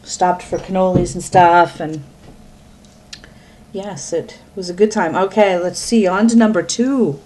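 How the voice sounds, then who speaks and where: A woman's voice: on the low side, fairly even intonation, unhurried, warm tone. A middle-aged woman from the US East Coast, chatting alone to her webcam at home in a rambling way, often breaking off mid-sentence. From Pennsylvania, US East Coast. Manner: rambling, chatty, self-interrupting. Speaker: vlogger. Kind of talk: casual talk to webcam.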